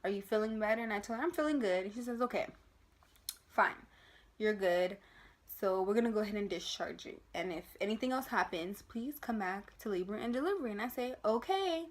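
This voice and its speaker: A young woman tells her own pregnancy story straight to the camera in a casual vlog. Her voice sits at a middling pitch. She acts out the people she quotes with lively changes of voice. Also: fairly quick. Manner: animated retelling, acting out quoted voices. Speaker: vlogger.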